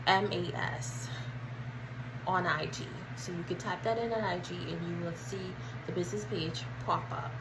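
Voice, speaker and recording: A Bahamian woman speaking to camera in a chatty, earnest way, her accent showing through as she works at standard English. Her voice sits a little low. A steady background noise runs clearly under the recording. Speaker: content creator. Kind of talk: casual vlog talk.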